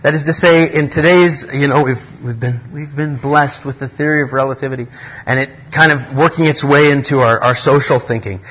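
A man leading a Bible study in an earnest, rambling way, often restarting his sentences and growing excited over the text. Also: mid-range voice, brisk, husky, muffled recording. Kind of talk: casual Bible teaching.

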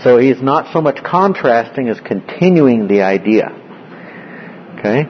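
A man's voice: mid-range voice, expressive, a little slow, a little hiss or hum. Lo-fi recording of a man teaching Bible study. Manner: explanatory, asks frequent check-in questions. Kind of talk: classroom Bible study with questions to the group.

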